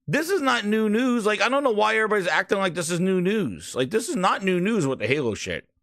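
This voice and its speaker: A man's voice: high voice, big pitch swings, fast, a bit bright, no echo, studio quality. A man hosting a gaming podcast, ranting profanely and mocking, stumbling and repeating words when riled up. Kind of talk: ranting casual commentary.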